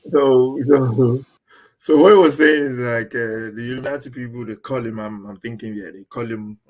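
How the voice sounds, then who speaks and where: A man's voice: mid-range voice, steady tone, normal speed, a little mellow. Rambling man hosting a reaction video. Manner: rambling, hesitant, lots of fillers and laughter. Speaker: reaction channel host. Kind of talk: casual commentary on a clip.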